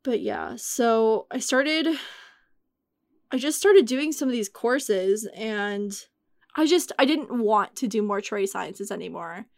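A young woman in her twenties talks as a podcast guest with a slightly raised pitch. She keeps a loose, chatty flow full of fillers and sounds close to tears. The recording is dry and close. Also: animated, slow pace, creaky, no room sound. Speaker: guest telling her story. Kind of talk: casual podcast chat.

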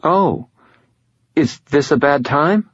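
A man's voice: on the high side, animated, slow pace, slightly rough, no echo, lo-fi sound, pitched above the performer's own voice, exaggerated voice. A man voicing a shy, hesitant young woman speaking on the phone in an audiobook.

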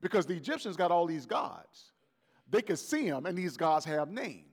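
Male pastor, gravelly and slightly high, conversational sermon that slips into acted-out voices. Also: very animated, moderate pace. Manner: conversational preaching, acts out voices of biblical figures.

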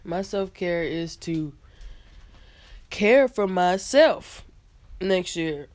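A woman's voice: fairly low pitch, animated, extremely slow, a little mellow. A woman co-hosting a casual podcast, talking bluntly with swearing and rambling asides. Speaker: podcast co-host. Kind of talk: casual chat.

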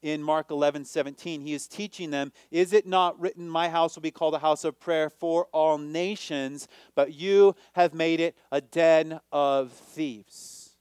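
A man preaching a sermon, asking his listeners questions and rising to near shouts on key points. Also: a little high, fairly even intonation, unhurried, few pauses, clean tone, no room sound, clean studio sound. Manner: asks the audience questions.

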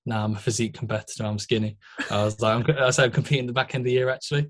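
A man's voice: medium pitch, little pitch movement, rapid-fire. A man, co-hosting a casual podcast and telling stories with frequent laughs. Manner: chatty storyteller, laughs often, says "mate". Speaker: podcast co-host, physique competitor.

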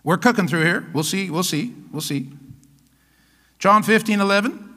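A man pastor preaching a sermon, animated and playful, acting out little scenes and laughing along. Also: high voice, normal speed, big-room sound.

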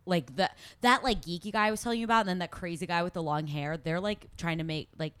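A woman's voice: on the low side, fast, a bit bright, clear, resonant tone, no echo. A young woman co-hosting a podcast, chatting casually and laughing as she recaps a show. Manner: chatty, laughing, acting out quotes. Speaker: podcast co-host.

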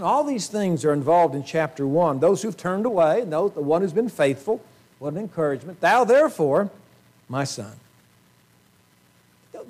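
Male pastor, slightly high voice, earnest sermon delivery with frequent throat-clearing. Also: darkish tone. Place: church sanctuary.

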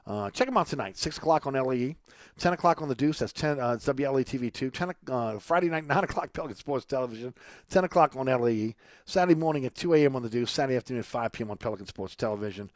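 A man's voice: mid-range voice, expressive, racing, no room sound. A man hosting a radio talk show, reading announcements and a sponsor ad, rambling with many fillers and restarts. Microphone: studio microphone.

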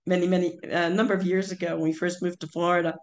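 An older woman co-hosting a podcast with her son talks quickly in a lowish, flat voice. Their chat is casual and familial, and her long stories wander, full of fillers and restarts.

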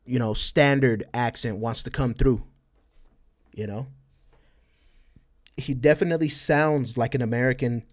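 A man from El Paso with a Texas border accent and a slight Spanish twang, talking casually on a solo podcast and rambling through fillers and restarts. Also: mid-range voice. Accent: West Texas border, Spanish-tinged. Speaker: podcast host.

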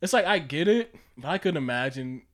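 A young man co-hosting a casual podcast chat, animated and profane, laughing often. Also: fairly high pitch, brisk. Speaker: podcast co-host.

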